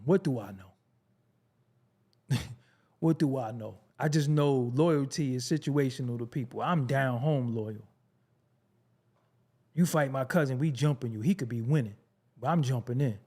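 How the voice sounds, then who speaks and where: A man hosting his own show, talking bluntly in a casual commentary monologue. He swings from low mutters to high, incredulous outbursts. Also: moderate pace, long pauses, a little mellow, husky. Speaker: show host.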